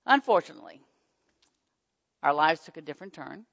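A woman telling a personal faith testimony in an animated storytelling manner. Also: deep voice, a little fast, creaky. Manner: animated storytelling, squealing excited quotes. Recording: dull muffled sound with long hall reverb.

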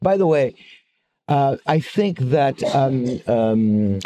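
A man's voice: mid-range voice, expressive, slow, mellow. Chatty man giving a church talk. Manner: chatty, many fillers and restarts. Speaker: guest speaker. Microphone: wired microphone.

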